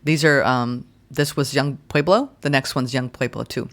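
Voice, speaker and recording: A woman giving a guided tarot and astrology reading in a gentle, soothing way, speaking in slow, deliberate phrases. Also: extremely low pitch, steady tone. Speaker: tarot reader.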